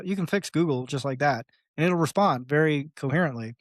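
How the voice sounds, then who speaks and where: Seorang pria tamu podcast yang bicara santai dan bertele-tele, sering memerankan suara orang lain, tertawa, dan sesekali memaki. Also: male voice, a little high, brisk, no room sound, studio quality. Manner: rambling, animated, acts out voices, swears, laughs. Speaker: podcast guest. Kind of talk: casual interview talk.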